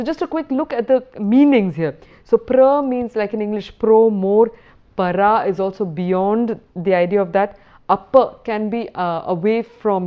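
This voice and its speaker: Woman, lecturer, patient explaining, mid-pitched voice, slightly dull lo-fi recording. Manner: patient, explanatory, reads verse slowly.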